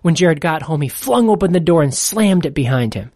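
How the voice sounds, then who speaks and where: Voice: mid-range voice, lively intonation, brisk, darkish tone, no room sound, clean studio sound. Earnest storybook narrator.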